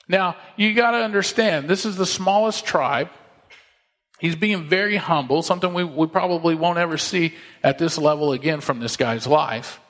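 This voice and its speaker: A man's voice: a little high, normal speed, a bit bright, long reverb tail. A man preaching a sermon in a conversational, folksy, emphatic way, retelling scripture with asides.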